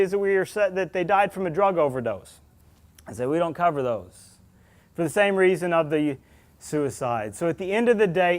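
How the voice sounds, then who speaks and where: Higher-pitched man telling a story. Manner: earnest storyteller, acts out dialogue, speaks to the crowd directly. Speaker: state police officer giving a community talk. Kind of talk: public presentation to an audience.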